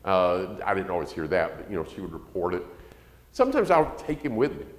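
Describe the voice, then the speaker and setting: A man preaching a sermon on parenting in a folksy way, acting out quoted parents in a shrill voice. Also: big pitch swings, a little fast. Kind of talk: sermon lesson to a congregation. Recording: echoey church hall.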